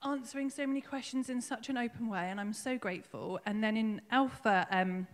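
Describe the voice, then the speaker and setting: A woman's voice: a little high, brisk, long reverb tail. Nervous woman telling her faith story. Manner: nervous and emotional, many ums. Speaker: congregation member giving a baptism testimony. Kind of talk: spoken personal testimony in church. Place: church hall.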